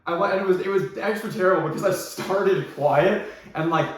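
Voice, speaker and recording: A man's voice: sits high, fairly quick. A young man telling a story from his own life in a casual, rambling and self-deprecating way, with many fillers and restarts. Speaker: vlogger. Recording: very echoey room.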